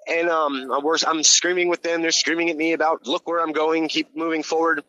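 A man tells a rambling, profane story in a bright, forceful voice. He swears constantly and gets loud when he acts out scenes. The recording sounds slightly dull and lo-fi. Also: fairly high pitch, normal speed. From Hawaii. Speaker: guest telling his story. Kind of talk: casual storytelling.

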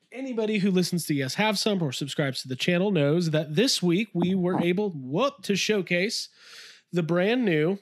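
Speaking from his toy room, a man co-hosts a casual podcast, enthusiastic and rambling with plenty of fillers. His voice is high, and the studio-quality recording has no echo.

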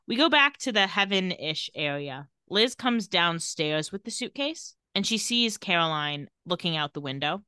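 A young woman co-hosting a podcast, recapping a TV episode in a sarcastic, deadpan play-by-play and acting out the characters' lines. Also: fairly low pitch, moderate pace, hardly any pauses, smooth, dry recording, studio quality. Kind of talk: casual recap chat.

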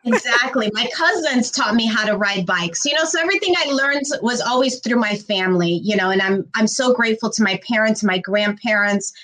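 A woman's voice: a little high, a little fast, hardly any pauses, rough recording. A woman from Indiana telling her life story as an interview guest, reflective and storytelling. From Gary, Indiana, USA. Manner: warm storytelling, animated when quoting. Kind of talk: conversational interview.

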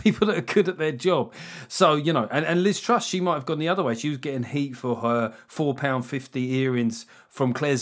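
A middle-aged man hosting his own podcast, chatting alone in a rambling, sweary, self-mocking way. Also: mid-range voice. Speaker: podcast host. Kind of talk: casual solo podcast chat.

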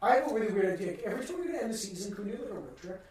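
A man co-hosting a podcast, telling profane, animated stories in a casual chat. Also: high-pitched, very fast, recorded from a distance. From Massachusetts. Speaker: podcast co-host. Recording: roomy sound from off mic.

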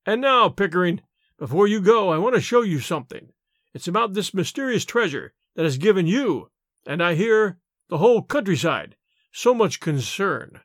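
A man's voice: high voice, expressive, normal speed, no room sound, studio quality. A man voicing a jovial, shrewd old grandfather who speaks heartily with chuckles. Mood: hearty.

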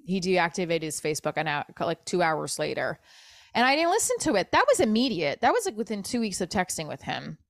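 A woman's voice: on the low side, sing-song, fairly quick, no room sound, clean studio sound. A woman hosting a podcast alone, talking in an upset, self-critical way, swearing and restarting her sentences. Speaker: podcast host. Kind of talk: emotional solo podcast monologue.

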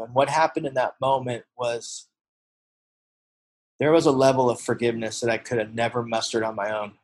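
A man's voice: mid-range voice, little pitch movement, moderate pace, poor audio. Earnest man in his forties telling his story. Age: 40s. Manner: earnest, storytelling, shifts to hushed when emotional. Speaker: recovery speaker. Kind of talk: personal testimony talk.

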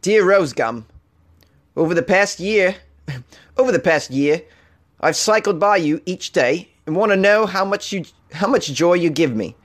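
A man's voice: high voice, animated, measured pace, pitched above the performer's own voice. A man putting on an amateur Australian accent to voice a fond cyclist reading a love letter to a tree in a sing-song way. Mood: tender. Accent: Australian, put on.

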